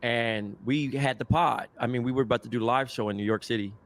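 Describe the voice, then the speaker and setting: Animated slangy man telling a story. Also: mid-range voice, quick pace. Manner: animated, slangy and profane, acts out quoted voices. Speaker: podcast co-host. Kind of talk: casual storytelling chat.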